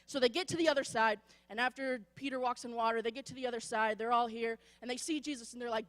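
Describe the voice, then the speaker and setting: A woman preacher giving a lively sermon in a church, acting out voices as she tells stories. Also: a little high, quick pace, few pauses, long reverb tail. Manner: animated storytelling, acts out voices. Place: church sanctuary.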